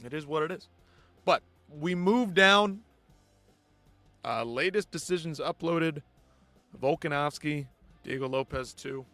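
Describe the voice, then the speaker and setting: A man's voice: on the high side, unhurried, long pauses, a bit bright, no room sound, faint music behind. A man hosting a live post-fight show, ranting bluntly and with heavy swearing. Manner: blunt, profane, exasperated ranting. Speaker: host.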